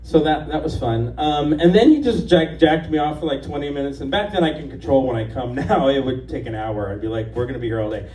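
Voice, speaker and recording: A man's voice: a little high, expressive, brisk, few pauses, mellow, far from the mic. A stand-up comedian in his fifties from the Los Angeles area, telling stories in a chatty, confident, self-mocking way on a bar stage. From Los Angeles area, USA. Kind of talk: live stand-up set. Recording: echoey bar room from afar, faint noise.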